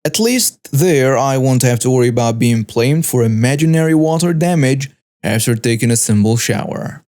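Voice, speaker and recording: Man, story narrator, scripted first-person telling, steady delivery, mid-pitched voice. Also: normal speed.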